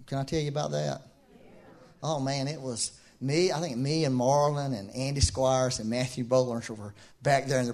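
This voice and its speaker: A man preaching a sermon in a conversational, animated way, with asides and laughs. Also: a little high.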